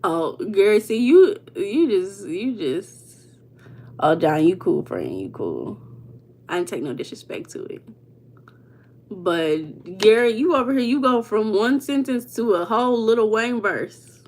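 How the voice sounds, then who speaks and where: A woman hosting a casual livestream. She chats with viewers by name, laughs often and slips into a relaxed teaching talk. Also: medium pitch, measured pace. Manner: chatty, reads out viewers' names and answers them. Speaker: livestream host. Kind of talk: informal teaching on mindset.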